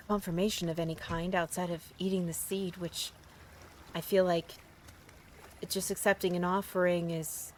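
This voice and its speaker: A woman playing a tabletop game, earnest and excitable with frequent giggles. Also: fairly low pitch, a little hiss or hum. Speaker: player. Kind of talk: casual tabletop role-play.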